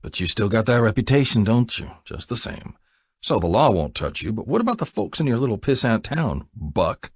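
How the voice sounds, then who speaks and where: Cocky sarcastic young man, mocking, lifted pitch, read by a man. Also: big pitch swings, moderate pace, slightly rough, exaggerated voice. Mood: menacing.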